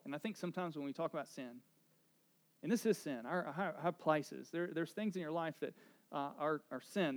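A middle-aged man, a pastor, giving a conversational sermon that moves from quiet asides to loud emphatic preaching. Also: mid-range voice.

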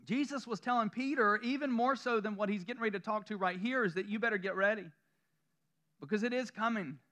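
Southern male pastor, high bright voice, preaches in a loose conversational way with chuckles and self-deprecating asides. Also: a little fast. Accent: Southern American. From Southern United States. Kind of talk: sermon. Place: church room before a congregation.

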